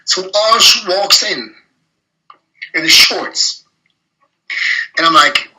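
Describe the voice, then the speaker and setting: A man's voice: a little high, slow pace, pauses often, low-quality recording. A middle-aged man from Germany, a bodybuilder guest telling blunt, profane stories in a casual interview. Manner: blunt, profane, animated anecdotes with frequent laughs.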